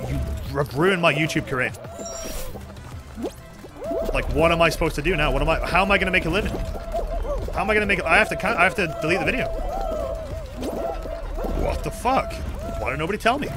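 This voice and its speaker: A young man streaming a game, chatting in a rambling, excitable way with sudden shouts and swearing. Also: fairly high pitch. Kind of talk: casual chat while gaming.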